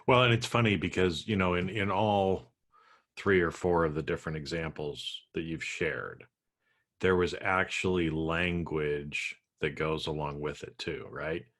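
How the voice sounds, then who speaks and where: A man with a very deep voice co-hosts a podcast. He speaks casually and haltingly, working through his thoughts with plenty of fillers. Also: fairly even intonation, a bit bright. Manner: halting, hedging, many fillers. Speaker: podcast co-host. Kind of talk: casual conversation.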